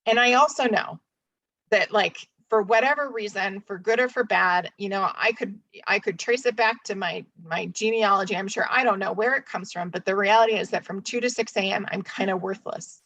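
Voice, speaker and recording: Woman, therapist, casual webinar chat, candid and chatty, mid-pitched, dry close sound. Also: moderate pace, fairly bright tone, no room sound, dull audio. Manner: candid, chatty, many fillers. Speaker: DBT therapist.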